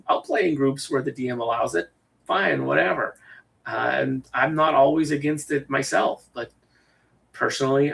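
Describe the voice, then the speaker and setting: Male host, gravelly and easygoing, chatting off-mic with faint hiss behind. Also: medium pitch, fairly bright tone, far from the mic, rough recording. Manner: laid-back, rambling, self-deprecating. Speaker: YouTube host and game master. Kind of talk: casual talk to viewers.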